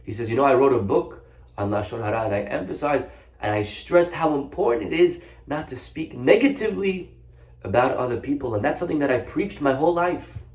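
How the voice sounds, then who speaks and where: Animated rabbi telling a story, echoey. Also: male voice, medium pitch, a little fast. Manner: animated storyteller, acts out the characters. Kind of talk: storytelling Torah lesson. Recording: echoey room.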